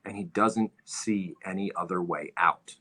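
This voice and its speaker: A man's voice: deep voice, unhurried, pushed and bright, breathy edge. A man hosting political commentary, lecturing on history and stressing points by repeating phrases.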